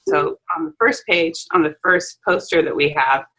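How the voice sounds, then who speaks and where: A woman who owns a hair salon, chatting on a video call in a lively storytelling way, with plenty of fillers. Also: low-pitched, moderate pace, husky, poor audio. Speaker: salon owner and hairstylist. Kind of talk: casual chat on a video call.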